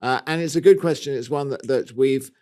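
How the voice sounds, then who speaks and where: A man's voice: mid-range voice, brisk, darkish tone. A man co-hosting a casual podcast chat, rambling and playful, often restarting his sentences. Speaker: podcast co-host.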